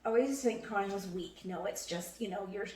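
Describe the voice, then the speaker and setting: A woman chatting casually as co-host, supportive and quick to agree. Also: medium pitch, a little mellow. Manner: supportive, frequent short agreements. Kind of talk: casual chat. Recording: echoey room, mic at a distance.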